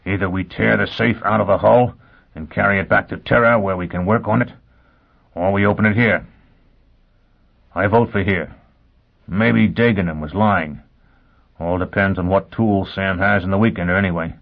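A man's voice: deep voice, fairly even intonation, moderate pace, gravelly, long pauses. A male reader voicing a volatile, hot-tempered young spaceman who talks bluntly and impatiently. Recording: tinny phone-like sound.

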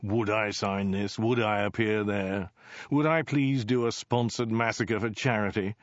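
A man's voice: on the low side, fairly even intonation, measured pace, no room sound, highs cut off, close to an everyday voice. A man voicing a self-absorbed male warlord king who rambles through vague excuses with mild hesitations, in a storybook reading. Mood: dithering.

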